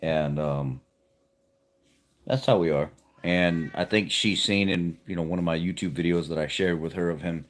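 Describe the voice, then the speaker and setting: A man hosting a livestream from home, telling a rambling, heartfelt story to his viewers in a casual, folksy way. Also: deep voice. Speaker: livestream host. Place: at home with pets nearby.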